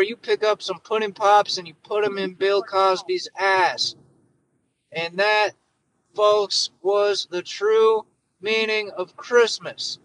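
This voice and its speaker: A man's voice: sits high, fairly bright tone, slight background noise, poor audio. A man putting on a rambling, stammering elderly male politician in a comic impression, recorded in a car through a phone. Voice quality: stammering, repetitive, hoarse-edged. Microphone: phone through car system.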